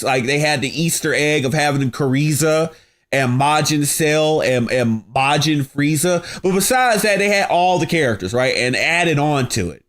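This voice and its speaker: High-voiced combative male streamer. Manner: combative, mocking, slangy, rising into shouting. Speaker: livestream host. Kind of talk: heated livestream rant.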